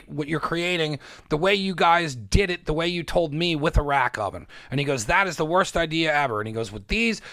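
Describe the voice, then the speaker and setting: A man with a fairly high voice tells a story in a casual podcast chat. He gets worked up, swears freely, and slips into quick impressions of the people he talks about. The sound is dry and close, with no room around it. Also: dry recording. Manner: excited storytelling, heavy swearing, acts out quotes. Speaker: podcast guest, bagel baker.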